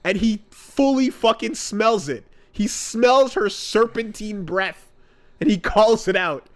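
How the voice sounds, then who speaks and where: High-pitched man, casual podcast chat, animated storytelling, swears a lot, does character voices. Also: slow. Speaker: podcast co-host.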